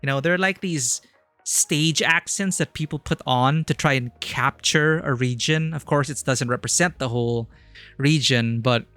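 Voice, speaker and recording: A man's voice: mid-range voice, normal speed, pushed and bright, no room sound, faint music behind. A man streaming a video game, chatting casually and enthusiastically, rambling with lots of "like". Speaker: streamer, filmmaker. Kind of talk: casual live game commentary.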